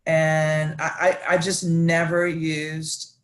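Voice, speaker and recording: A woman chef, chatting casually and enthusiastically on a live stream, with lots of restarts and excited asides. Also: deep voice, slow. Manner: animated, gushing, chatty with many restarts. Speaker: celebrity chef guest.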